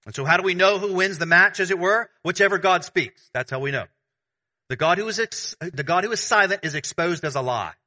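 Bright-voiced male pastor preaching. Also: high-pitched, fairly quick. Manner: conversational, animated, uses everyday analogies. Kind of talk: sermon.

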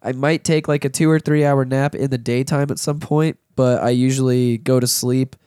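A man's voice: medium pitch, fairly even intonation, normal speed, mellow, clear, resonant tone, dry recording, clean studio sound. A man hosting a casual podcast, sniffling from a cold, talking in a loose, profane way and laughing often. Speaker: podcast host.

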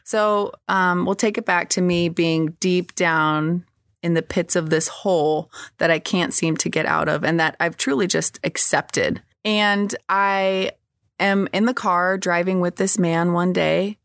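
Earnest woman with gravelly low voice. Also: steady tone, unhurried, no echo, clean studio sound. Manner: earnest, reflective storytelling. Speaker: guest. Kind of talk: personal testimony in a podcast interview.

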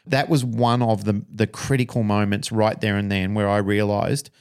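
A man's voice: lowish voice, flat delivery, normal speed, smooth. A man, a dog trainer co-hosting a podcast, telling a story frankly and emotionally, with some swearing.

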